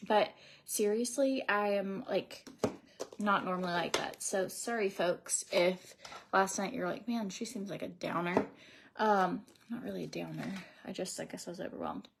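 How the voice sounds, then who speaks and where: A beauty vlogger in her thirties livestreams her makeup routine, chatting in a rambling, relaxed manner and repeatedly going almost to a whisper. Her mid-range voice has vocal fry, a steady tone, and a measured pace, set against a noisy background.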